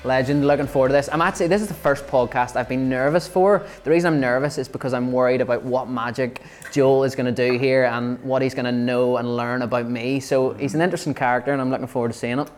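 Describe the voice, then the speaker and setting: Male podcast host, mid pitch, friendly, filler-heavy. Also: steady tone, quick pace, hardly any pauses, faint music behind. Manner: upbeat, lots of "yeah" and "obviously". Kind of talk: casual interview chat.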